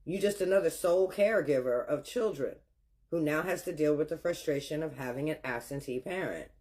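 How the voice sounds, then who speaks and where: A man's voice: a little high, brisk, darkish tone. A man giving blunt, scolding reaction commentary.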